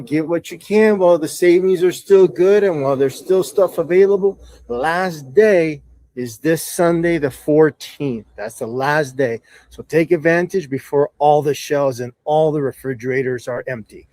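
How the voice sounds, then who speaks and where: Emphatic man with a higher voice. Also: a little mellow, no echo. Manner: emphatic and repetitive, urging people to come. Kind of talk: casual vlog.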